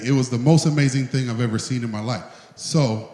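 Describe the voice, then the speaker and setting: A man's voice: mid-range voice, brisk, few pauses, warm tone. A man hosting an event gives an emotional tribute speech, talking in a heartfelt, plain-spoken way. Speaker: event host. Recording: echoey hall.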